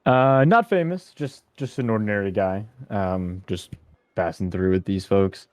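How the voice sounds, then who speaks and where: A man playing in a tabletop game, answering in character in a hesitant way, with fillers and pauses. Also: lowish voice, dry recording. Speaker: player. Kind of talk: casual in-character chat.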